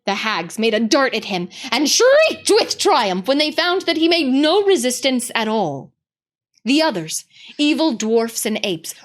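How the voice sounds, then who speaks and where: A woman narrating a storybook read-aloud in an expressive, dramatic way. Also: on the high side.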